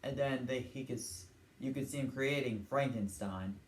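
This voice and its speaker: A man's voice: mid-range voice, moderate pace. A young man hosting a casual vlog. He rambles and wanders between topics, retelling cartoon scenes and briefly putting on character voices. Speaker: channel host. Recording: echoey room with faint ambient noise.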